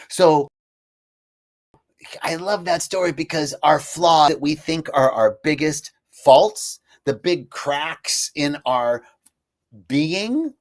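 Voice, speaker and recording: A man hosting an inspirational live talk, telling stories in an animated way and laughing easily. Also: fairly high pitch, takes it slowly. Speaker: host.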